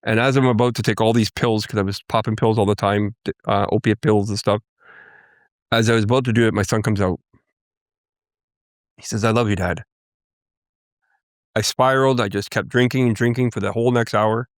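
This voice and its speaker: Low-voiced man telling his story earnestly. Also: fairly even intonation, no echo, studio quality. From Canada, First Nations Cree. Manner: earnest, halting storytelling with restarts. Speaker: guest. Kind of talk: personal testimony in interview.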